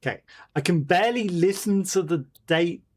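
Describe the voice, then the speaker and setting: A man hosting a let's play, reading in-game letters and clues aloud haltingly, with fillers and self-corrections. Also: high-pitched, a little mellow, slightly rough.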